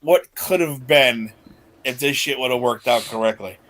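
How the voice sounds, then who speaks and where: A man in an easygoing podcast conversation, his voice sitting in an ordinary middle pitch. He tells stories with lots of energy, slipping into the voices of the people he quotes, and breaks into laughter along the way. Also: moderate pace. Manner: animated retelling, acts out quoted lines, laughs often. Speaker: podcast host. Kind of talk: casual chat.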